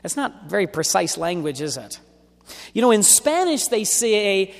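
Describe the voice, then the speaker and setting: A man preaching a sermon in an emphatic, deliberate way, stretching out key words. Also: high voice, wildly swooping pitch. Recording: long hall reverb.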